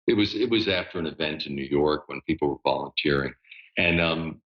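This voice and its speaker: A man in his sixties, a voice actor, telling stories in a relaxed interview with many fillers and laughs. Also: rumbling low, brisk, muffled recording. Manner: animated, laughing storyteller with lots of fillers. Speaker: guest voice actor. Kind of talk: casual interview storytelling.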